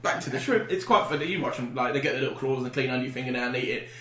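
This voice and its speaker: A man's voice: medium pitch, very fast, pushed and bright. A man on a comedy podcast, rambling through a story with swearing and frequent laughter. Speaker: podcast co-host. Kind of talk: casual banter. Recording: echoey room.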